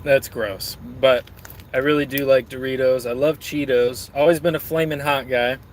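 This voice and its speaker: A man's voice: medium pitch, steady tone, moderate pace, slight background noise. A man streaming and reading his chat, rambling in a crude, joking way while snacking.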